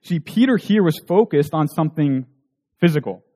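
A man's voice: fairly high pitch, lively intonation, moderate pace, mellow. A man preaching a sermon in an earnest way, asking rhetorical questions.

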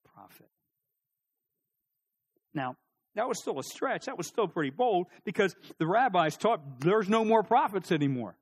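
A middle-aged male pastor preaching a sermon in church, animated, acting out voices and rising to loud peaks. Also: high voice, a little slow, pauses often.

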